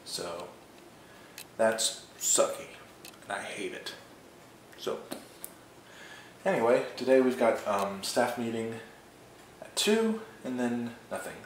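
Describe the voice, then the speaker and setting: A man's voice: mid-range voice, expressive, slow. A young man talking casually through his day in a rambling, chatty, self-mocking way. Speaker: vlogger. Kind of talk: casual daily vlog. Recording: noisy background ambience.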